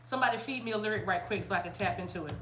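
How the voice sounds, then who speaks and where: A chatty, animated woman from South Carolina, giving a casual spiritual reading to her viewers. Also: medium pitch, racing, echoey room, very noisy. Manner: animated, chatty, bursts into laughter and song. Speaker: spiritual reader.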